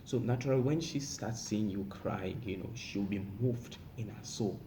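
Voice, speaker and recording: A man's voice: on the low side, moderate pace, background noise. A man giving relationship advice in a casual monologue, repeating himself and saying "you know" constantly. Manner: repetitive, frequent "you know" fillers.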